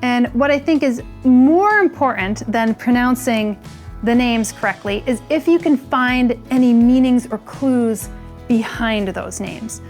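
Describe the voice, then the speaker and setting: Chatty woman in her 30s teaching plant names, voice a bit high, soft music underneath. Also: measured pace. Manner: chatty, frequent "like" fillers. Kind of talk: casual educational talk.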